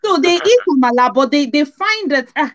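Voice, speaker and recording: High-voiced Nigerian woman telling stories. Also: normal speed, no room sound, dull audio. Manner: storytelling, lively quoting. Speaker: host. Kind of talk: casual discussion.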